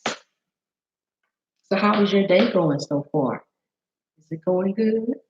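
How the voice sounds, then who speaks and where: Woman, live-stream cooking host, chatty and welcoming, slightly hoarse, muffled webcam audio. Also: takes it slowly, a little hiss or hum. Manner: chatty, greets viewers by name, bursts into high excited greetings. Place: home kitchen.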